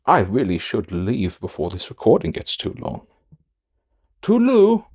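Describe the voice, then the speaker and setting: A man's voice: deep voice, expressive, normal speed, vocal fry, husky, heavily acted. An actor playing a flamboyant, callous man who rambles with theatrical, mocking flair in an audio drama. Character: flamboyant, callous man musing among corpses.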